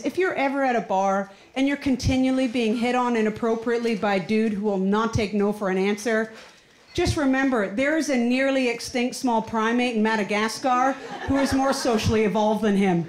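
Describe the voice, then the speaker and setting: On stage at a comedy club, a Canadian comedian with a high voice delivers her stand-up set through animated storytelling, playing out different characters. The recording carries the room's spaciousness and a laughing audience.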